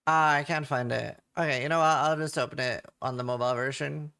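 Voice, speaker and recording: A man's voice: a little high, fairly even intonation, fairly quick, creaky, sharp tone, clear, resonant tone. A man from England chatting casually with viewers on a live stream, joking around.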